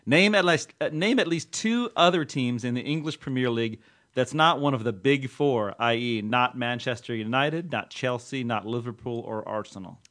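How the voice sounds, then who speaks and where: A man's voice: mid-range voice, normal speed, fairly bright tone. A man hosting a casual comedy podcast, joking around and reading listener mail aloud. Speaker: podcast host.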